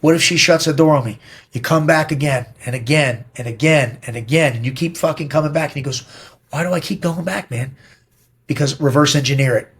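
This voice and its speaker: A man's voice: a little high, fast, a bit bright, breathy edge. Blunt, profane man telling stories. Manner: blunt, profane, emphatic storytelling. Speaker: podcast guest. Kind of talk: casual interview talk.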